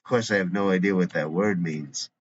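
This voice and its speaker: A fussy, kind-hearted mother who gently scolds, as a man reads her part. The voice is very low, heard through a dull, lo-fi recording with faint hiss. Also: fairly quick, lightly acted. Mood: fussing.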